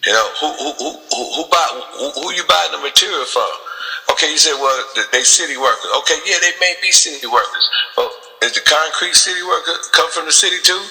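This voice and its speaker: Male host, AAVE, bright cutting voice, preachy rhetorical questions, reverby room. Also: a little high, quick pace, vocal fry. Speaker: podcast host. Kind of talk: casual political talk.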